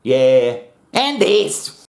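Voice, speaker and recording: A man's voice: medium pitch, big pitch swings, extremely slow, gravelly, a little mellow, soft background music. An Australian man hosting a comedy show, rambling and swearing through a sarcastic rant. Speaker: comedy host. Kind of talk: comic rant.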